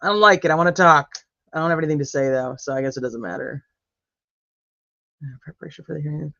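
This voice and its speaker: Guy chatting to his stream with a sore throat, kinda high voice, dry muffled mic, swears a bit. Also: fast, creaky, a bit bright, no room sound. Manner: chatty, swears casually, answers chat. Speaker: livestream host. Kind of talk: casual livestream chat. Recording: dull lo-fi dry sound.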